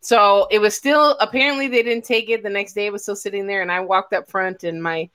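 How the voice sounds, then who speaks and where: A woman's voice: mid-range voice, steady tone, fairly quick, fairly bright tone, clean tone. A woman hosting a casual live chat, telling stories full of swearing and laughter. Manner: profane, laughing storyteller. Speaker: host.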